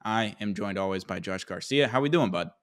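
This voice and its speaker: Lage stem, jonge Texaanse podcasthost. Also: male voice, lowish voice, lively intonation. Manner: upbeat, quick sponsor reads with filler words. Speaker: podcast host. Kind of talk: casual sports podcast chat.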